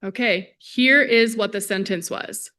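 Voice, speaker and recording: A woman's voice: medium pitch, a little slow, pushed and bright. A woman speech-language pathologist giving a conversational conference lecture to a live audience, talking to them directly. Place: lecture hall at a symposium.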